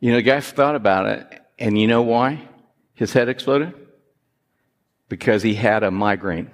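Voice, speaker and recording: A man preaching a sermon, telling jokes and gently teasing himself and his listeners. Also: lowish voice, moderate pace. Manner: joking, self-teasing, lively. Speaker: pastor. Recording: reverberant hall.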